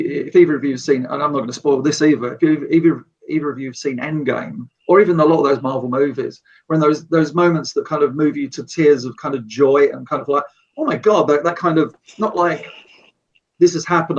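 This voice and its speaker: A man, a guest on a podcast, talking eagerly about a project he storyboarded, rambling with many restarts. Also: a little high. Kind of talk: casual podcast chat. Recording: distant, dull lo-fi remote mic.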